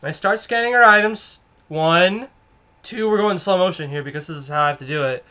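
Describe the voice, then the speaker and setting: Excitable young man with a bright voice. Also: fairly high pitch, fast talker. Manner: excitable, exaggerated, rambling. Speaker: comedic vlogger playing a cashier. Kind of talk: comedic storytelling monologue.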